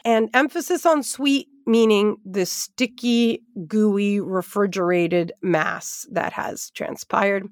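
A woman Bible teacher telling a lively personal story as she leads into a devotional lesson. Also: mid-range voice, slow, hardly any pauses, no echo, studio quality. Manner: animated, expressive storytelling with asides.

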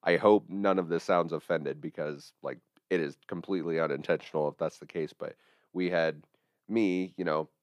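A man with a Midwestern accent, co-hosting a podcast in casual chat and telling stories with quick voice impressions. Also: deep voice, dry recording. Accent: Midwestern American. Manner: chatty, animated storytelling with voice impressions. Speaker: podcast co-host.

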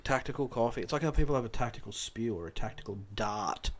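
A man's voice: lowish voice, expressive, quick pace, slight background noise. An Australian man in casual podcast chat, rambling about his early-morning routine and cursing freely. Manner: rambling, swears freely, gets loud when riled.

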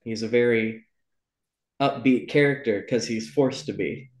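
A man's voice: mid-range voice, unhurried, a little mellow. A man hosting a casual book club chat, talking loosely and rambling, with lots of ums and self-corrections. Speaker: podcast host. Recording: roomy echo.

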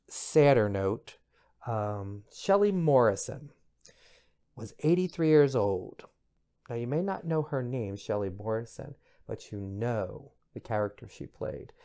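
Middle-aged man, podcast host, low-ish voice, chatty, gossipy, expressive. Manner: chatty, gossipy and expressive, with bursts of high-pitched exclamation. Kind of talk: casual pop culture commentary.

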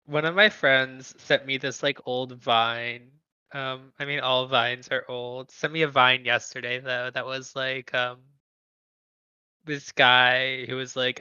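A woman's voice: rumbling low, level tone, takes it slowly, sharp tone, clean tone, no room sound, lo-fi sound. A woman hosting a podcast, telling stories in a giggly way full of fillers. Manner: giggly, filler-heavy storytelling. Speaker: podcast host. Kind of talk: casual chat.

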